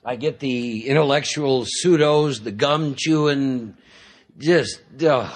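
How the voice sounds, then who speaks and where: A man with a husky, slightly breathy voice gives a talk to a live audience at a recovery meeting. He speaks conversationally and likes to joke, acts out little inner voices, and keeps checking in with his listeners. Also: medium pitch, slow.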